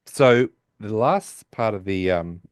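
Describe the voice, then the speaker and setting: A man's voice: lowish voice, no echo, studio quality. A man co-hosting a podcast, casually retelling a TV episode and acting out the characters' lines with restarts and asides. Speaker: podcast co-host recapping an episode. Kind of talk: casual chat.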